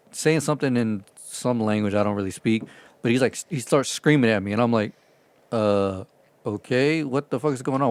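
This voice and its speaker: A man tells stories on a podcast in a loose, profane way. He gets louder and more animated when he acts out what people said. His voice sounds dry and close to the mic. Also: mid-range voice, no room sound. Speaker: podcast co-host. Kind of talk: casual storytelling chat.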